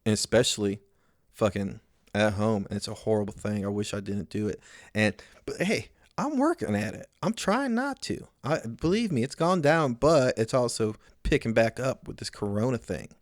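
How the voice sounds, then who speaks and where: A man's voice: lowish voice, normal speed, no room sound. A male comedian talks alone into the mic in a loose, rambling monologue full of swearing and self-mockery. He keeps circling back to his own point and correcting himself as he goes. The recording is dry and close. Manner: rambling, profane, self-mocking. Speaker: podcast host and comedian.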